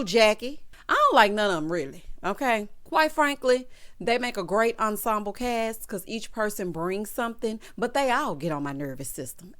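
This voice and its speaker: A woman with a medium-pitched, fairly bright voice recaps a reality show in a sassy, opinionated way, chatting casually and speaking straight to her viewers.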